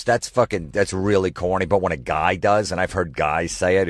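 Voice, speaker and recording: A low-voiced man rants through a comedy podcast, swearing freely and sounding exasperated. He mocks the people he complains about with quick impressions. The sound is dry and close to the mic. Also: dry recording. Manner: profane, exasperated ranting with mocking impressions. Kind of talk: ranting comedy podcast monologue.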